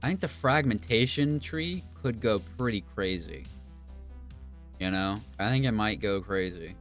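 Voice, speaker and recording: A man with a lowish voice rambles through casual gameplay commentary, drifting from thought to thought with lots of fillers. Game music plays clearly underneath him. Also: unhurried, a bit bright. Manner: musing, meandering, casual with frequent fillers. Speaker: gaming YouTuber. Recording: game music playing behind.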